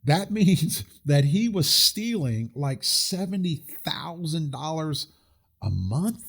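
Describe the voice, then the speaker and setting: A man's voice: fairly high pitch, very animated, slow, gravelly, fairly bright tone. A man hosting a casual podcast, telling a story in an indignant, rambling way with frequent restarts. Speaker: podcast host.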